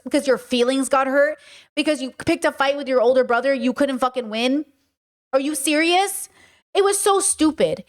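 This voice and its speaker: A woman host giving casual commentary and telling a personal story in an animated, profane, conversational way. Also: high-pitched. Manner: animated, profane, conversational, reads chat aloud.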